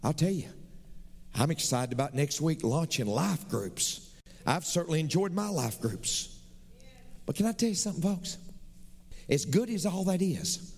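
A middle-aged man, preaching a sermon as pastor with emphatic, repetitive phrasing in a large church sanctuary. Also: sits high. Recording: long reverb of a large church hall.

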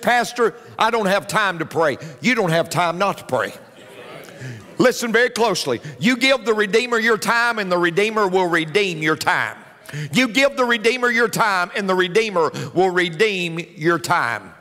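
A man's voice: sits high, sharp tone, long reverb tail. A male pastor preaching a sermon, emphatic, repeating key lines.

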